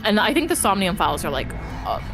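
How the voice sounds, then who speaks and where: A woman's voice: medium pitch, big pitch swings, quick pace. A woman streamer ranting in exasperation about a game, swearing a lot in casual stream chat. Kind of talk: live-stream gameplay chat. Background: game music.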